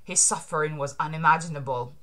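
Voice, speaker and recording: A woman reading aloud as a proud young samurai daughter, speaking slowly, solemnly and with accusation. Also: low voice, pushed and bright, voice pushed down.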